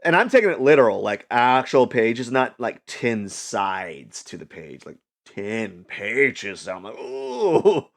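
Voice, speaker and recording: Gravelly-voiced man rambling casually. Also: fairly low pitch, lively intonation, unhurried, hardly any pauses. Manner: rambling, self-amused, lots of fillers and restarts; mocks others in silly put-on voices. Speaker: vlogger.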